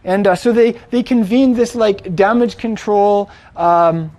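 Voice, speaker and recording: A man's voice: high-pitched, unhurried, darkish tone. A man retelling a story in a chatty, informal way, with frequent restarts and fillers. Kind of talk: casual storytelling.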